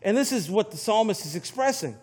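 A male preacher with a notably high voice delivers a sermon with emphasis, circling back to repeat phrases. He sounds earnest and engaged with his listeners. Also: expressive, brisk, a little mellow, husky. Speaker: pastor.

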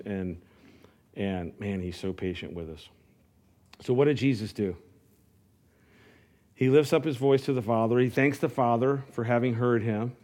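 A man's voice: mid-range voice, a little mellow. A man preaching a sermon in a conversational way, with frequent restarts, building to fervent calls. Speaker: pastor.

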